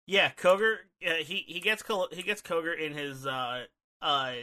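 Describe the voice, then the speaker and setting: Man, podcast co-host, bright forceful tone, excitable, rambling, lots of fillers, close mic. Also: a little high, unhurried. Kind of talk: casual chat. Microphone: studio microphone.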